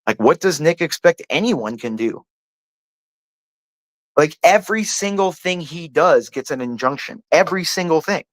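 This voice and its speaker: A man holds forth in a heated, rambling rant, swearing freely and leaning on "like" and "dude" between stammered restarts. His voice sits a little high for a man, and it is recorded bone-dry up close with no room sound at all. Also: animated, normal speed, a bit bright, no room sound. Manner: profane, rambling, heavy use of "like" and "dude"; restarts and stammers when worked up. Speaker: panel host. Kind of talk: heated casual political rant.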